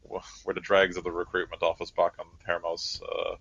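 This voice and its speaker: A dutiful sergeant reporting to his superior , played by a man, polite and measured. Low voice in a dull lo-fi recording, near the performer's own voice. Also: completely flat delivery, fairly bright tone, breathy edge, exaggerated voice. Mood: formal. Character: formal, dutiful male sergeant, deferential.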